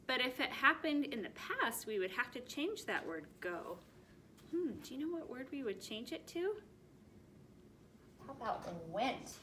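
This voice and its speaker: A woman teaching a first grade lesson, speaking slowly and clearly in an encouraging teacher's manner. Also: on the high side, sing-song, sharp tone, slight background noise. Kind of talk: recorded classroom lesson.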